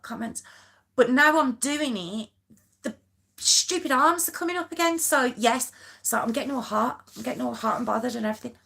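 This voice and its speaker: A woman's voice: on the high side, gravelly, fairly bright tone. A woman hosting a live stream, chatting casually with viewers in a giggly, self-mocking, rambling way. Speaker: true crime live-stream host.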